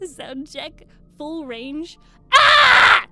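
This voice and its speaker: A woman's voice: a little high, animated, takes it slowly, soft background music. A young woman chatting and joking casually with her live-stream viewers at the microphone. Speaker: streamer and audiobook reader.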